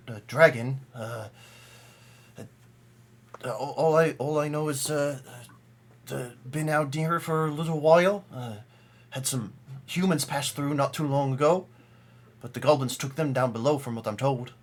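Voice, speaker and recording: A man's voice: fairly high pitch, normal speed, lightly acted. A man voicing an old, polite male gnome prisoner who stammers and hesitates a lot. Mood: hesitant.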